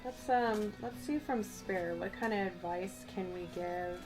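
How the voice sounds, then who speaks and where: Over soft background music, a woman with a mid-range voice gives a channeled tarot reading at a measured pace. She muses aloud and talks straight to the listener, her voice sounding a little worn, as if she's slightly losing it.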